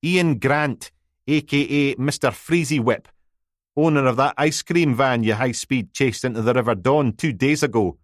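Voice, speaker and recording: A man's voice: medium pitch, moderate pace, no echo, studio quality, pitched above the performer's own voice, lightly acted. A man voicing a smug newspaper reporter who teases and needles in a sarcastic manner. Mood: smug, teasing.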